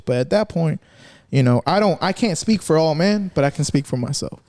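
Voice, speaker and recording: A man's voice: fairly high pitch, lively intonation, a little fast, a little mellow, dry recording, clean studio sound. A man hosting a casual podcast, telling stories in a rambling, profane way and laughing often. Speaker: podcast host.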